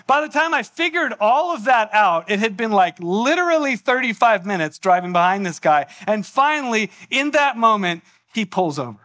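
A man pastor preaching a sermon, telling a personal story in an animated way and acting out the voices in it. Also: sits high, moderate pace, few pauses.

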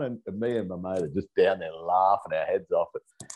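A man's voice: deep voice, moderate pace, darkish tone. A middle-aged Australian man telling rambling, profane stories in a casual chat, laughing as he goes. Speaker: guest.

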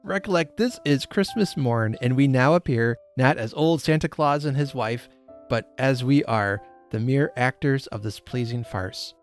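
A man voicing a cheerful young gentleman who posed as Santa Claus, teasing and bright. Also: mid-range voice, a little slow, faint music behind, close to an everyday voice. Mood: jovial.

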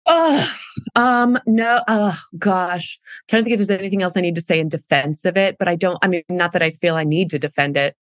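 Woman guest, enthusiastic and rambling, lowish voice, dry close recording. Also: fairly quick, dry recording. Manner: enthusiastic, rambling, self-interrupting. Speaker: guest, actress. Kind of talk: casual chat.

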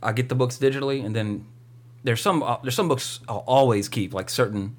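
A man's voice: medium pitch, steady tone, brisk. A man co-hosting a podcast, chatting casually and rambling with lots of filler words. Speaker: podcast co-host. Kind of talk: casual chat.

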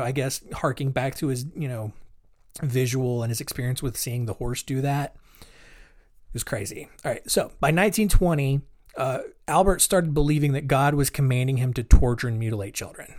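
A man's voice: mid-range voice, fairly quick, darkish tone. A man hosting a true-crime podcast, telling the story in a casual, joking way with lots of fillers. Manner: chatty, joking, laughs at grim details, many fillers. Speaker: podcast host.

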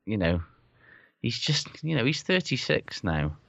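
A man with a very deep voice trades opinions on sport in a blunt, cursing, no-nonsense way. The recording is dull and lo-fi, with a dry, close sound. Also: very animated, measured pace, creaky, a bit bright, dry recording. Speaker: podcast co-host. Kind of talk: casual sports chat.

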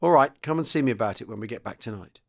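A man voicing a brisk, gruff sergeant major speaking in clipped, approving remarks. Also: medium pitch, animated.

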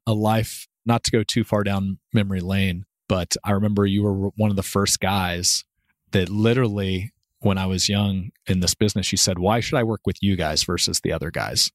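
A man's voice: deep voice, no echo. A man in his thirties from Kansas, hosting a podcast and telling a story in a casual, personal way. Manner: warm storytelling, speeds through disclaimers. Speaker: podcast host.

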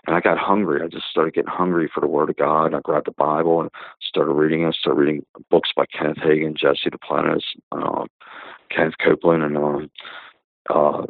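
A man's voice: extremely low pitch, level tone, brisk, creaky, dry recording. A man in his fifties giving a rambling spoken testimony as a guest, with many fillers and restarts. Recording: tinny phone-line sound, dry.

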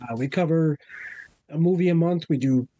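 Easygoing man with a crisp, dry voice. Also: a little high, normal speed, warm tone, no room sound, lo-fi sound. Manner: easygoing, self-deprecating, repeats words. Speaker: podcast guest. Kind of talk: casual chat.

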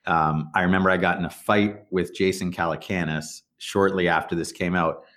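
A middle-aged startup founder and CEO, appearing as a guest in a casual interview, tells rambling stories with restarts and acts out quoted dialogue. His voice is low-pitched and a bit bright, with a steady tone and a moderate pace.

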